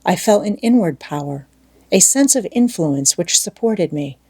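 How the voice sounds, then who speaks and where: A woman's voice: fairly low pitch, animated, unhurried, dark tone, husky. Woman reading a classic novel aloud. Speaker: audiobook narrator. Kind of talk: scripted narration.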